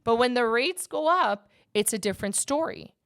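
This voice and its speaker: A passionate woman hosting a podcast and explaining mortgages. Her voice sits a little high and sounds bright and forceful. She talks with emphatic conviction and addresses her audience directly. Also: lively intonation, moderate pace, gravelly. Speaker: podcast host and mortgage agent. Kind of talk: casual podcast chat.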